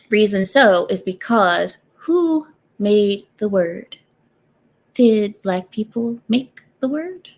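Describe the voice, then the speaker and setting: A woman's voice: mid-range voice, lively intonation, slow pace. A woman hosting a casual stream, reacting to clips and chat and arguing her points through rhetorical questions with frequent laughter.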